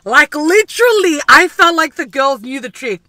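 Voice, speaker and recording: A woman in her thirties from Fiji chats casually, telling family stories. She acts out the people in them with lively imitation. Her voice has a bright, forward tone. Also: high-pitched, normal speed, no echo. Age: 30s. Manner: animated storyteller who mimics her dad. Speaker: host. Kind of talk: casual chat.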